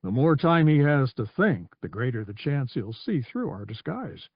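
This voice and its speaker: An earnest, weary starfighter commander who speaks in a sober, quiet way, as a man voices him. The audiobook sound is dry and a little dull. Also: medium pitch, sing-song, normal speed, dry recording. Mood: steady. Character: weary male fighter commander, earnest and regretful.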